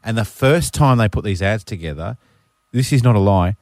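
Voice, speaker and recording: A man's voice: fairly low pitch, animated, normal speed, darkish tone, no room sound, studio quality. A man in his thirties with an Australian accent, co-hosting a radio show in jokey banter with stumbling restarts. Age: 30s. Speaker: radio co-host. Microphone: studio microphone.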